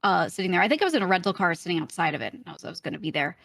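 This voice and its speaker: A young woman with a light Brooklyn accent, a streamer telling a long story in casual interview chat, full of fillers and quick laughs. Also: on the low side, lively intonation, gravelly, fairly bright tone, dry recording. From Brooklyn, New York. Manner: chatty storytelling, often laughing, many fillers. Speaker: streamer and roleplayer, interview guest.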